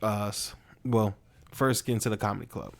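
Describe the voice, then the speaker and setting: A man's voice: on the low side, steady tone, normal speed, gravelly. A man co-hosting a podcast, telling stories in a crude, joking way and laughing often. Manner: crude, storytelling, laughs a lot. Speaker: podcast co-host. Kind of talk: casual chat.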